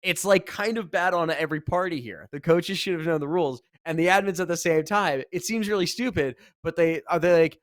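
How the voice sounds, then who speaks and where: Male podcast co-host, slightly high voice, dry close sound, animated and exasperated storyteller. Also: brisk, hardly any pauses, no echo. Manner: animated storytelling, swings loud when exasperated, swears freely. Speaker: podcast co-host, esports commentator. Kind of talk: casual podcast chat.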